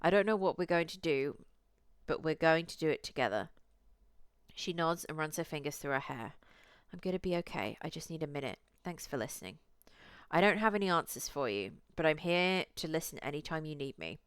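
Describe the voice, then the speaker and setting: A woman's voice: sits low, animated, a little fast, clean tone, dry recording. A young woman streamer reading a visual novel aloud, with chatty, cursing asides to her chat.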